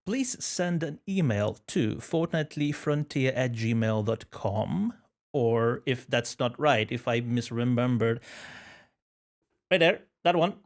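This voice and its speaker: A man co-hosting a casual gaming podcast, jokey and rambling, laughing often and filling pauses with ums. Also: medium pitch. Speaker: podcast co-host.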